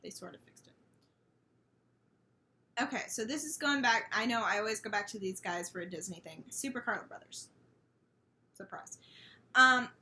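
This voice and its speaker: A woman's voice: mid-range voice, sharp tone, slight background noise. A young woman co-hosting a podcast, chatting casually and rambling through her points with restarts. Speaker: podcast co-host. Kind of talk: casual chat.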